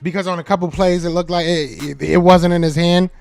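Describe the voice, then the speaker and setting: High-voiced man teasing his live chat. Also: brisk, vocal fry, soft background music. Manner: teasing, repeats his jabs several times; animated, talks back to chat commenters. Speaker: podcast host. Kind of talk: live-stream sports talk answering chat.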